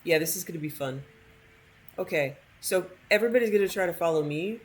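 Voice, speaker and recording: Playful woman gamer, snarky running commentary, slightly low voice. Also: lively intonation, fairly quick. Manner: snarky, playful, talking back to characters. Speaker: gamer streaming a playthrough. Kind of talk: casual gameplay commentary.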